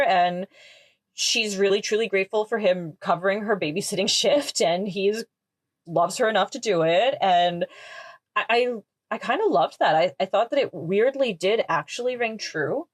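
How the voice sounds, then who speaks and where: A woman's voice: medium pitch, lively intonation, normal speed, dry recording. A woman co-hosting a podcast, talking through a horror film in a thoughtful, analytical way. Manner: thoughtful, analytical, laughs easily. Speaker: podcast co-host. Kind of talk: casual film discussion.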